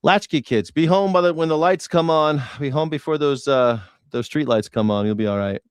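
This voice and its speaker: A man's voice: on the high side, normal speed, smooth, no echo, clean studio sound. A man hosting a casual reaction show, talking bluntly and rambling with plenty of swearing. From grew up in a city. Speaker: news reaction host.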